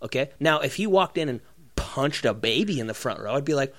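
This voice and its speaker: A man's voice: medium pitch, expressive, fairly quick. A man co-hosting a casual podcast, ranting in a profane, mocking way and acting out other people's voices. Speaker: podcast co-host. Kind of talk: profane comedic rant.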